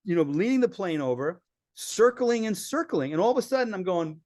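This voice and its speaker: A man telling lively travel stories as a podcast guest, acting out the people he quotes. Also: high-pitched, fairly quick, no room sound, clean studio sound. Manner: animated storyteller acting out quoted voices. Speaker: filmmaker guest. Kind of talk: storytelling in a podcast interview.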